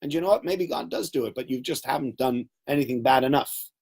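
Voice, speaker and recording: A man's voice: mid-range voice, fast talker, a little mellow, slightly rough. A man giving a Torah lesson to a class, telling stories with animation and acting out quotes. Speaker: Torah teacher.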